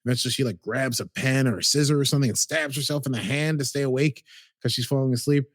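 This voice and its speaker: A man's voice: medium pitch, fast talker, no room sound, clean studio sound. A man casually recapping a TV episode as a podcast co-host, rambling and chatty with lots of "like"s.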